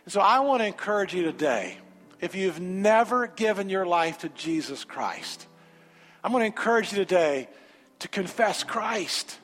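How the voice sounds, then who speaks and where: A man preaching a sermon in a large church sanctuary, telling a personal story with animated energy and then moving into an emphatic altar call. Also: sits high, moderate pace. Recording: reverberant sanctuary with faint music.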